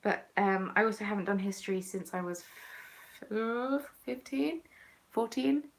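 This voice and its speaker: A woman's voice: mid-range voice, a little slow, vocal fry. Chatty Southern English woman. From southern England. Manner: chatty and self-mocking, answers viewers' comments aloud. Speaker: craft vlogger. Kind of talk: casual chat while knitting.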